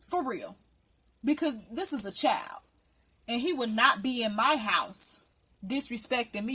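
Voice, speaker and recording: A woman's voice: a little high, expressive, normal speed, a bit bright, a little hiss or hum. A woman recapping a reality TV episode in casual commentary, blunt, profane and indignant. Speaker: reality TV reviewer.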